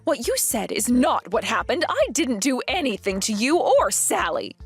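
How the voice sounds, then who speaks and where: A composed young wife, played by a woman, firm and earnest as she questions. Her voice sits a bit high, breathy, with lively pitch and faint music behind. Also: normal speed, heavily acted. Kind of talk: animated story voice acting.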